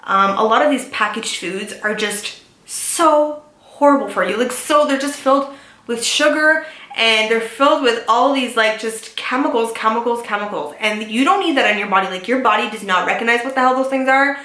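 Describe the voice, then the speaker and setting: A woman's voice: on the high side, moderate pace, sharp tone. A young woman vlogger in a casual chat to camera, rambling with lots of "like" and "um". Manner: chatty, filler-heavy with lots of "like" and "um". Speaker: beauty and lifestyle vlogger. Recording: echoey room.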